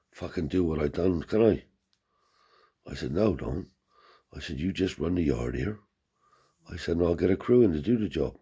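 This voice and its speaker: A man's voice: extremely low pitch, mellow, breathy edge. A man telling a rambling anecdote in casual, profane speech, lifting his voice to act out the people he quotes. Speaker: storyteller.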